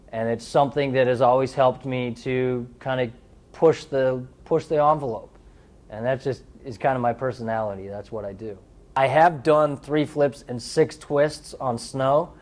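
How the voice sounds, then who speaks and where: A man's voice: mid-range voice, a little mellow. A young man in his twenties, an athlete being interviewed, talking candidly and casually about his sport with playful storytelling.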